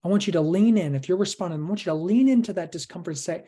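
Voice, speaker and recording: Low, mellow woman coaching a workshop. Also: racing, hardly any pauses, slightly rough. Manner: earnest, coaching, uses rhetorical questions. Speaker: workshop presenter. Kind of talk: online workshop teaching.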